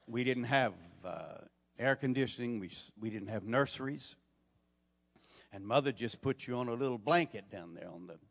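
A man's voice: mid-range voice, creaky. An older man preaching a sermon as pastor, folksy storytelling that swells into emphatic preaching. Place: church sanctuary. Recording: long hall reverb.

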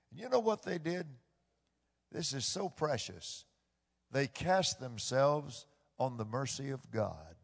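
High-voiced man preaching in a hall. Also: big pitch swings, a little slow, gravelly. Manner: impassioned preaching, swings from hushed to loud; repeats phrases for emphasis. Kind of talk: sermon. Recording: long hall reverb.

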